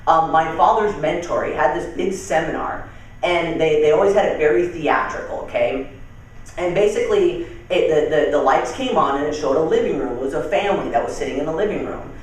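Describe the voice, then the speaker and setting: A young man giving casual, energetic sales training with stories, talking loosely and calling people dude and man, heard from far off in a very echoey room. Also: on the high side, fairly quick. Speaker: network marketing trainer. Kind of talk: training talk with storytelling.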